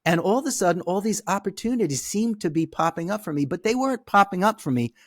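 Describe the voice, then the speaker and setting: Animated man telling a story, dry close sound. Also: high-pitched, quick pace, dry recording. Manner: expressive, repeats "okay?" to check in with the listener. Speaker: podcast guest.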